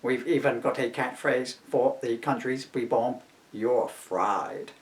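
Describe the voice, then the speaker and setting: A man's voice: medium pitch, takes it slowly, close to an everyday voice. A man voicing a silly green alien man from a seaside town, in a put-on voice. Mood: deadpan boastful.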